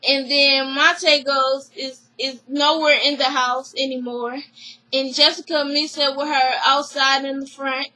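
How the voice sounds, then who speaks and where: A woman's voice: sits high, level tone, a little slow, sharp tone, rough recording. A woman casually recapping a reality show, acting out the quotes, blunt and profane.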